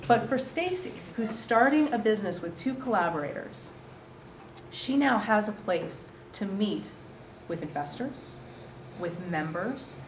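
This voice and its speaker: A woman giving a lively, joking presentation to an audience about a shared workspace. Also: mid-range voice, a little slow. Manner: chatty, joking, animated, laughs often. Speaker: coworking space director pitching to an audience. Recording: roomy and distant with faint noise.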